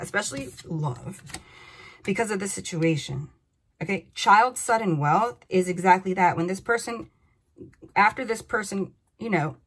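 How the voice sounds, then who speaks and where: A woman giving a casual tarot reading to camera, animated and excitable, often exclaiming and repeating herself. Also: fairly low pitch, slight background noise. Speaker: tarot reader.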